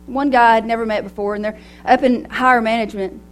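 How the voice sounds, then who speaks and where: A middle-aged woman speaking to a women's gathering in a personal, animated way, laughing often as she talks. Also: a little high, fast talker. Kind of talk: devotional talk to women.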